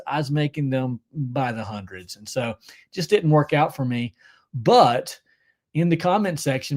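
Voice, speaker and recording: A man's voice: medium pitch, darkish tone. A man hosting a casual livestream from home, joking around in a chummy way and reading out viewer comments. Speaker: livestream host.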